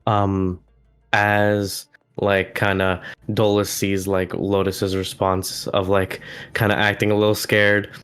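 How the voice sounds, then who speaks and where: A man's voice: low voice, completely flat delivery, slow pace, fairly bright tone, clean tone, soft background music. A man playing a tabletop game, describing his character's actions hesitantly with many fillers. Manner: hesitant, lots of "like" and "um". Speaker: player.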